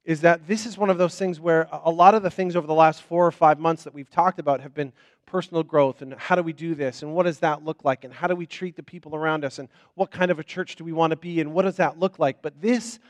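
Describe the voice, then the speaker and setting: A man's voice: a little high, fairly even intonation, fast, no echo. A man preaching as a pastor in an informal, conversational sermon. He often repeats words, restarts his sentences and checks in with "right?".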